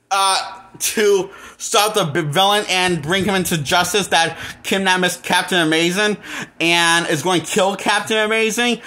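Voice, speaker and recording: A man's voice: high-pitched, pushed and bright. A man reviewing a movie in a casual, rambling rant, full of restarts and blunt, exasperated complaints. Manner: rambling, with frequent restarts and fillers. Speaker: movie critic.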